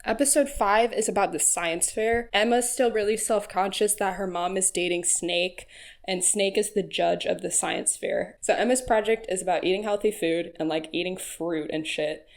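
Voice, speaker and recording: A woman's voice: mid-range voice, moderate pace. A woman hosting a casual recap voice-over, chatty and frank, laughing often and using lots of fillers. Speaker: YouTube recap host.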